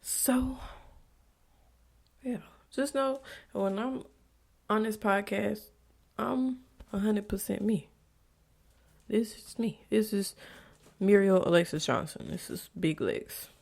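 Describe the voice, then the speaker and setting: A young adult woman hosting her own podcast, talking candidly and bluntly about her life, with frequent profanity and stretches where she drops to a soft whisper. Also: mid-range voice, takes it slowly, vocal fry, pauses often. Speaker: podcast host. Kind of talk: candid confessional monologue.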